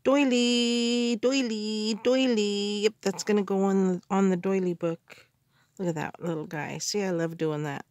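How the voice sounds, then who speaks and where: A woman in a casual craft haul video, gushing with excited gasps and exclamations over the supplies she unpacks. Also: on the low side, moderate pace, no room sound. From Canada. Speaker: crafter unboxing mail.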